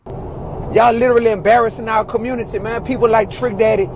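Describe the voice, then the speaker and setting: A man's voice: very high-pitched, fairly even intonation, a little fast, noisy background. A man delivering a ranting monologue, exasperated and preachy, repeating his points. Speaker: commentator in a played clip.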